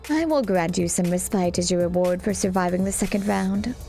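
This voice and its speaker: A woman voicing a cruel, amused monstrous sponsor in a game, drawing out each word with slow menace. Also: fairly low pitch, dark tone, faint music behind, close to an everyday voice. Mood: gloating. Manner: slow, drawn-out menacing delivery.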